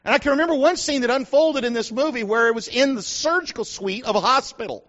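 Middle-aged man, very high voice, folksy preacher telling stories, dull lo-fi recording. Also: quick pace, a bit bright. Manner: folksy storyteller, acts out quotes. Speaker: pastor. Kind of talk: sermon with personal story. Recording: dull lo-fi sound.

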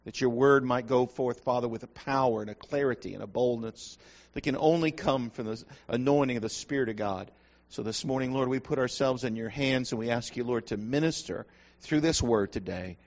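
A man's voice: mid-range voice, brisk. A man leading a church service as pastor, earnest in prayer and chuckling through light anecdotes, on a dull lo-fi recording. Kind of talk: sermon.

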